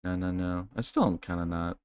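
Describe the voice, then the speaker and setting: Low, smooth-voiced man telling rambling stories. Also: brisk. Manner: rambling, profane, animated storytelling. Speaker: podcast co-host. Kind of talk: casual podcast chat.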